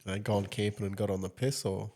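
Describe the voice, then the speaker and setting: An Australian man in casual chat, relaxed and prompting with short questions. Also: on the low side, fast talker. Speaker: podcast host.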